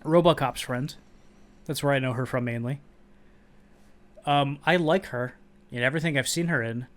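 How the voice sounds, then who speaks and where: A man's voice: mid-range voice, normal speed. A young man co-hosting a casual movie podcast, enthusiastic and opinionated. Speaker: podcast co-host.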